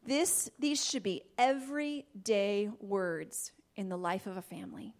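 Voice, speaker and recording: A woman giving a faith-based talk on marriage, animated, laughing often and dropping into soft asides. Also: mid-range voice, a little slow. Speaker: Christian marriage teacher.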